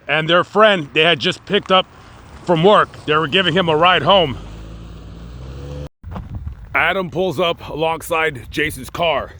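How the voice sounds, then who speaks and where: Bright-voiced man telling a crime story. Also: on the high side. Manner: dramatic, builds excitement, acts out quotes. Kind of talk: casual true crime vlog narration. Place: outdoors on location.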